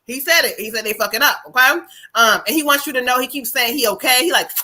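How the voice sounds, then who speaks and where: A woman's voice: sits high, quick pace, sharp tone. A woman from New Jersey giving a psychic reading on a live stream, blunt and profane. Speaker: psychic medium.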